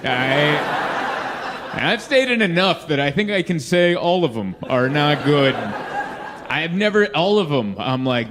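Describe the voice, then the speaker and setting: A man doing a stand-up comedy set in a club, telling stories with lively delivery and acting out the people in them. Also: fairly high pitch, unhurried, background noise. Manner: lively storytelling, acts out quoted people in shifting voices. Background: audience laughter.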